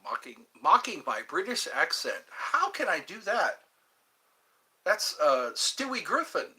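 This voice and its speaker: A man rambling through a casual livestream chat, chuckling often and drifting from one thought to the next. His voice is bright and a little high, and he speaks at an unhurried, slow pace. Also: huge pitch swings. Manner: chuckling, drifting between impressions. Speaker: livestream host.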